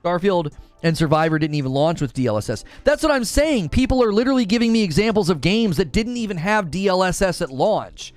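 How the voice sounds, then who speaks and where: Animated man ranting on a livestream. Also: sits high, brisk, no room sound, faint music behind. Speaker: gaming livestream host. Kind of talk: casual livestream chat.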